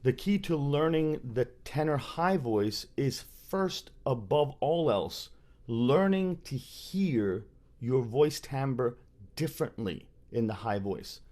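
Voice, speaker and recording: Slow, measured male voice teacher. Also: a little mellow. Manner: measured, emphatic teaching delivery; demonstrates by speaking and singing on higher pitches. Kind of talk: webinar lecture.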